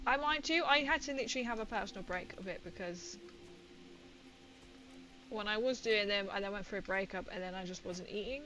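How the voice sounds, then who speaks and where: A woman's voice: on the high side, brisk, sharp tone, a little hiss or hum, low-quality recording. A woman streamer chatting casually and rambling as she plays a game, laughing often and reading out viewer comments. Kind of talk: casual livestream chat while gaming.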